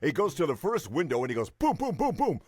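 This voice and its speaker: A man's voice: fairly high pitch, huge pitch swings, fast, a little mellow, slightly rough, no room sound, clean studio sound, heavily acted. A man voicing a goofy male show host who tells corny jokes and laughs at them. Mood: jokey. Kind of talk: comedy double act.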